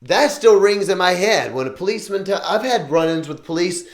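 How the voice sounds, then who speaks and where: A man's voice: high-pitched, animated, a little fast. A man hosting his own show, talking earnestly through his opinions and often restarting sentences. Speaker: show host. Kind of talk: opinion vlog monologue. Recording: roomy echo.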